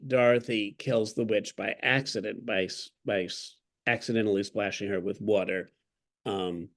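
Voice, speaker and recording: A man, an author being interviewed, who tells stories in a wry, articulate way and acts out the quotes he cites. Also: fairly low pitch. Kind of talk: conversational interview.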